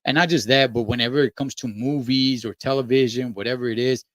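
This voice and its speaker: A man's voice: medium pitch, fairly even intonation, brisk, fairly bright tone, no room sound. Laid-back man with mid-range voice. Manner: laid-back, curious, slangy. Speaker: host. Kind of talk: casual conversation.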